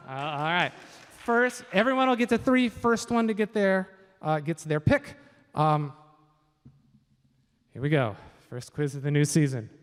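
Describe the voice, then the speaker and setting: A man's voice: a little high, animated, unhurried. A man from Washington state hosting a live stage quiz, upbeat and chatty with joking asides, on a stage microphone. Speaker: quiz host. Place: large event hall. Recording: reverberant hall sound.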